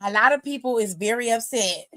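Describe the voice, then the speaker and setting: A woman host giving a sassy, gossipy recap of a wrestling show in casual chat, retelling it with lively energy. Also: a little high, brisk. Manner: sassy, gossipy, exclaims "child" often; animated retelling with lively quoted voices. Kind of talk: casual chatty commentary.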